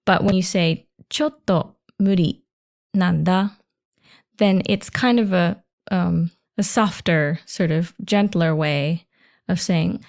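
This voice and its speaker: A woman's voice: fairly low pitch, takes it slowly, creaky, darkish tone. Lady teaching phrases, patient, breaks it all down step by step. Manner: patient, explains step by step, laughs lightly. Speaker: Japanese teacher. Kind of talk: language lesson podcast.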